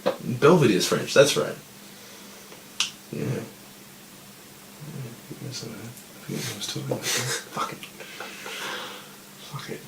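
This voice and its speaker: A man's voice: mid-range voice, animated, unhurried, vocal fry, pauses often, echoey room, very noisy. A stoned man in casual chat who rambles, swears a lot, and keeps losing his train of thought. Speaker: podcast co-host.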